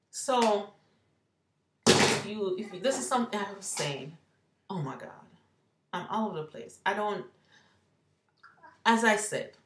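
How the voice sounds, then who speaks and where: A woman's voice: on the low side, fairly bright tone, a little hiss or hum. A woman in her forties with a Jamaican accent, rambling candidly and self-deprecatingly through a personal vlog. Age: 40s. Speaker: lifestyle vlogger. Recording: echoey room.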